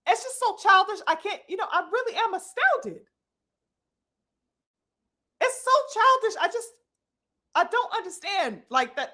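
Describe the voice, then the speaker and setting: A woman's voice: very high voice, sharp tone. A woman giving impassioned live commentary, preachy and emphatic, swearing freely and addressing her listeners as brothers and sisters. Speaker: commentary host.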